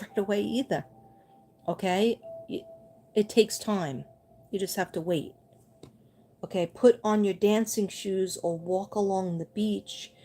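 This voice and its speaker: A woman doing a livestream spirit reading as a psychic medium, gentle and reassuring, repeating her messages. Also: medium pitch.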